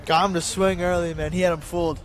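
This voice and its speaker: A man's voice: sits high, flat delivery, fast talker. A man giving casual color commentary on a baseball game in short, agreeable remarks. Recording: outdoor crowd noise at a ballfield.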